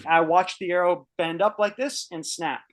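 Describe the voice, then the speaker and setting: A man's voice: sits high, fairly even intonation, normal speed, fairly bright tone. A man in his early thirties telling a personal story on a podcast, casual and rambling, swearing freely with many restarts. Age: 30s. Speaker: podcast guest.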